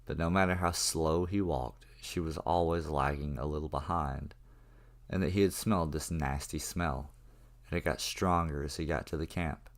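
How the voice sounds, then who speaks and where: Man with an extremely deep voice. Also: fairly even intonation, normal speed. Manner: casual, profane storytelling in first person. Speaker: creepypasta narrator. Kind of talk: horror story narration.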